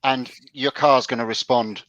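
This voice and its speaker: A man's voice: medium pitch, fairly even intonation, normal speed, fairly bright tone, dry recording, muffled recording. A man co-hosting a casual chat show, telling stories in a stop-start way with restarts. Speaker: podcast co-host.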